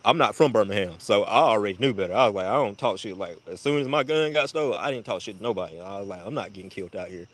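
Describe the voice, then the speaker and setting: A man casually telling a long personal story, full of swearing, who jumps to a much higher voice when quoting people. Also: quick pace, few pauses, no room sound. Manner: profane, animated retelling with high-pitched voices for quoted people. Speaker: storyteller on a live audio chat.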